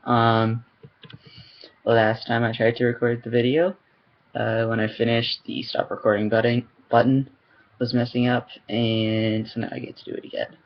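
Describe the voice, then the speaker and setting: A man talking on a headset at home in a casual video diary, his voice gravelly and fairly level in tone. He rambles and hesitates, filling gaps with ums. The recording is a bit dull and lo-fi. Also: mid-range voice, monotone, moderate pace. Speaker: vlogger. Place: room at home. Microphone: headset microphone. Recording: slightly dull lo-fi sound.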